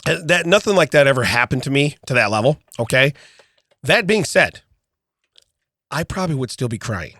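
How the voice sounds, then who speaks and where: A middle-aged man co-hosting a podcast, telling an animated story in casual chat, often checking in with "okay?" and restarting his sentences. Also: medium pitch, moderate pace, long pauses, no room sound. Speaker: podcast co-host.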